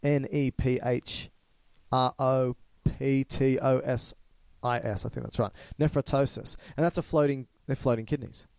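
A man's voice: medium pitch, steady tone, moderate pace, vocal fry, hardly any pauses, darkish tone, smooth, no echo. A man, co-hosting a casual educational podcast, explaining and teasing playfully. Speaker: podcast co-host.

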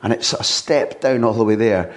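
A middle-aged Scottish man, a football journalist, hosting a casual interview and telling lively stories with quoted asides. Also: lowish voice, fairly quick. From Scotland.

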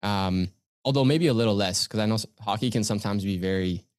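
A man's voice: fairly low pitch, no echo, clean studio sound. Earnest young man telling his story. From Canada. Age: young adult. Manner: earnest, measured, with many "um"s. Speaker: guest, keynote speaker. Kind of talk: reflective storytelling in conversation.

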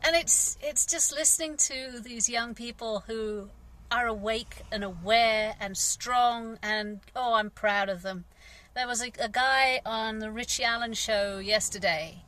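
A woman's voice: on the high side, measured pace, bright, forceful tone, low-quality recording. An English woman, a gardener, talking candidly in a rambling vlog monologue, sighing and frustrated. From England. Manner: rambling, candid, frustrated, frequent sighs and fillers.

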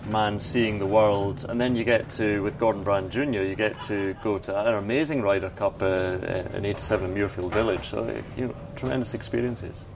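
A man's voice: on the low side, fairly quick, gravelly, few pauses, noisy background. A man hosting an interview who asks questions in a chatty, joking way. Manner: chatty, jokey, laughs along. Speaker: podcast host. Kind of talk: conversational interview.

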